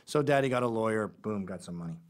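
A man's voice: fairly low pitch, lively intonation, fast. A middle-aged man who hosts a show, delivering a blunt, sarcastic and rambling monologue. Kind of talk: opinionated monologue.

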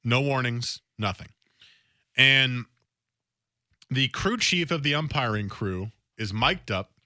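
A male sports radio host with a bright, forceful voice, recorded close and dry in a studio. He talks in a loose, animated way and often restarts phrases as he goes. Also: mid-range voice, takes it slowly, no room sound. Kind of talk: casual sports talk radio monologue.

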